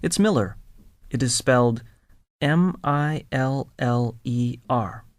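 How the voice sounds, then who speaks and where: A man playing a friendly young man introducing himself in a scripted listening-exam dialogue, spelling clearly and deliberately. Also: medium pitch, no echo, clean studio sound.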